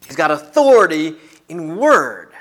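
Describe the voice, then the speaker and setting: A man's voice: a little high, big pitch swings, measured pace, a bit bright. A man preaching an earnest sermon, teaching through a Bible passage and repeating key phrases for emphasis.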